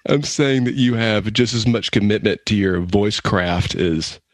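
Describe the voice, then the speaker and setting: A man co-hosting a comedy podcast, teasing his co-hosts with deadpan jabs. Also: lowish voice, measured pace, no echo. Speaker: podcast co-host.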